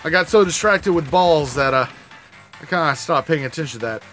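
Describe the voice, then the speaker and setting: A man giving comedic gameplay commentary, animated and shouty, slipping in and out of put-on voices. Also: fairly high pitch, a little fast, soft background music. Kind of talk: comedic let's play commentary.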